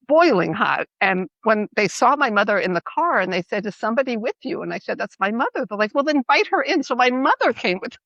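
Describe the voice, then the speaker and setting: Animated, laughing woman telling stories. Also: a little high, a little fast, few pauses, dry recording, muffled recording. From New York. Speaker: podcast co-host. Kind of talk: casual storytelling chat.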